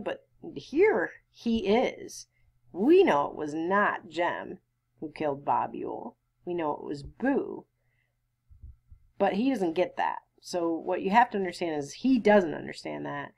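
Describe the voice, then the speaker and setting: Woman teacher pausing a class read-aloud. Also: lowish voice, big pitch swings, creaky, a little mellow. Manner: conversational, stops to explain and quiz. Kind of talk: reading a novel aloud with class commentary.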